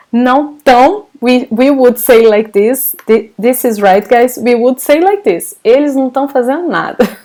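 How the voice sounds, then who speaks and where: A Brazilian woman with a Brazilian Portuguese accent leads a live online language lesson. She talks at an unhurried pace with a slightly high voice. She praises her students and laughs easily as she reads out their comments. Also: a little mellow. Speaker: language teacher.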